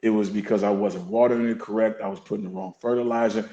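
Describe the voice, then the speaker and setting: A fire captain and coach, appearing as a podcast guest, speaks candidly and reflectively with earnest, preacher-like emphasis. His lowish voice is warm and fairly even in intonation, and he talks fast. The lo-fi recording has a roomy echo.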